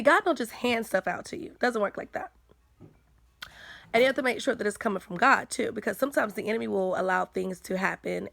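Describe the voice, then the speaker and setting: A woman's voice: medium pitch, vocal fry, fairly bright tone, no room sound. A woman giving a casual spoken faith testimony on her livestream, earnest and repeating her points for emphasis.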